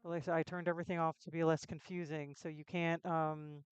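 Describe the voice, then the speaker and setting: A woman's voice: low voice, level tone, brisk, lo-fi sound, soft background music. Chatty woman streaming a game. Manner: chatty, rambling self-talk with frequent restarts. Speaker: livestreamer playing a video game. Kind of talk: casual live-stream commentary.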